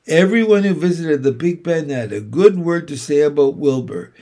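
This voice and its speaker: A man reading a children's book aloud, narrating slowly and deliberately. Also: on the high side, lively intonation, warm tone. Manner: slow, deliberate storytelling.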